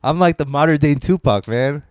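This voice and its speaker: A man co-hosting a casual podcast, telling a story in a laid-back way and quoting others in low asides. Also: normal speed, darkish tone, dry recording, clean studio sound. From United States. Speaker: podcast co-host. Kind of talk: casual chat.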